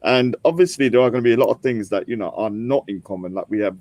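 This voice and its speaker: A man's voice: lowish voice, quick pace, darkish tone, no room sound. Chatty man, dry sound. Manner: chatty, heavy use of fillers like "you know" and "like". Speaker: podcast guest. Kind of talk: casual chat.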